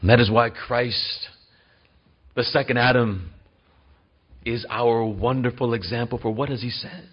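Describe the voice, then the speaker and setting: A male pastor preaching a sermon in an emphatic style that swings between loud and soft. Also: medium pitch, steady tone, a little slow, pauses often, breathy edge, highs cut off.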